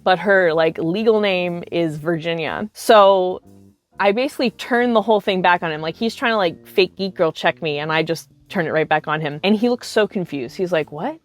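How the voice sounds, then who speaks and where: A woman in her thirties tells convention stories to her viewers, casual and animated, leaning on "like" between nearly every phrase. Her voice sits on the lower side for a woman, with soft music playing faintly underneath. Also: moderate pace. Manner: chatty, animated, heavy use of filler "like". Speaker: cosplay vlogger. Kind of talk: casual storytime.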